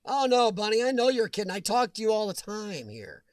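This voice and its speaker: Animated, laughing livestream host man. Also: sits high, a little fast, no echo. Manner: chatty, laughs often, jokey asides. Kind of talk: casual live chat reading viewer comments.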